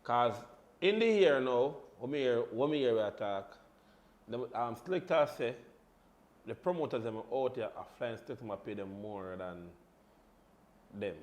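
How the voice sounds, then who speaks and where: A man chatting in a relaxed, laid-back way on a casual podcast. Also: mid-range voice, unhurried, pauses often.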